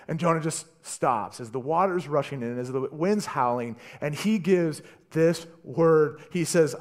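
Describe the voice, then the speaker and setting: A man preaching a sermon, retelling a story with animated delivery and stammered repeats. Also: a little high, measured pace, few pauses. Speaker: pastor.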